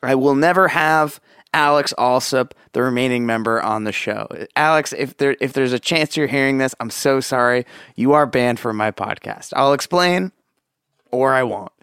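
A man's voice: medium pitch, moderate pace, a bit bright, smooth, no echo, studio quality. A man hosting a casual podcast, rambling and self-deprecating, swearing offhandedly. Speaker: podcast host.

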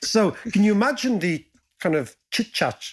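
A man hosting a podcast, chatting in a casual, jokey, animated way. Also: normal speed, slightly rough. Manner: animated, jokey, swoops up in pitch. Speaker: podcast host.

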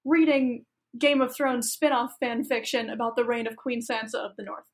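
A woman's voice: on the high side, flat delivery, moderate pace. A young woman co-hosting a casual podcast, dry, teasing and mock-exasperated as she talks with her friends. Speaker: podcast co-host.

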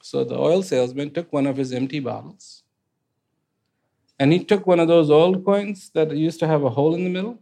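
A man telling folk parables in a casual, animated way, with conversational fillers. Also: on the high side, moderate pace, vocal fry. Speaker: storyteller. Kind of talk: casual spoken storytelling.

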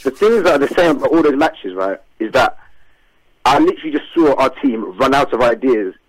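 A man's voice: medium pitch, sing-song, a little fast, slightly rough, no room sound, poor audio. A man calling into a football fan show, ranting with frustration about his team. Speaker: caller. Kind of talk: fan phone-in rant.

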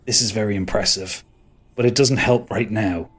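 A man's voice: fairly low pitch, steady tone, moderate pace, close to an everyday voice. A man voicing an armored female sorceress in a tabletop game, dry and impatient.

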